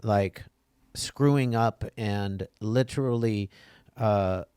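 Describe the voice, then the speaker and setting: Halting man host, dry close sound. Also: lowish voice, warm tone, smooth, no echo. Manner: halting, repeats words, says "y'all". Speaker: podcast host in recovery. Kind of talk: casual podcast talk.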